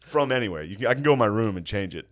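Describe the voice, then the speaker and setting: A man's voice: on the low side, animated, very fast. A man hosting a podcast, telling profane stories with a lot of laughter in casual chat. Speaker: podcast host.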